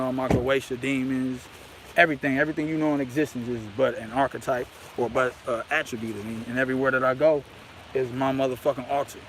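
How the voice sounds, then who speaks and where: A man's voice: medium pitch, noisy background. A man rambling grandly and profanely into a handheld phone outdoors, peppering his talk with "you know what I mean". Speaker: vlogger.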